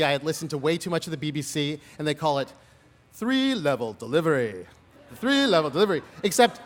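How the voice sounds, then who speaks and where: A man's voice: on the high side, long reverb tail. A man in his forties giving a commencement speech outdoors, telling stories with humor and self-deprecating asides. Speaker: commencement speaker. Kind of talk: graduation speech. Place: outdoor lawn ceremony.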